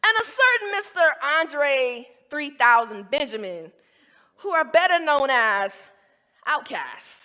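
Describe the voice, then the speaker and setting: A woman's voice: high voice, sing-song, slow pace, sharp tone. A woman from the American South, giving an emphatic academic talk with rhetorical asides. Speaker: guest lecturer. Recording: long hall reverb.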